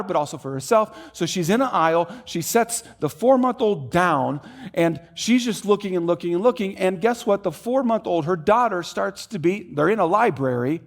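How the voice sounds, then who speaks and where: A male pastor giving a sermon in a church, telling a story in an animated way, moving from hushed to loud. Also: fairly high pitch. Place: church auditorium.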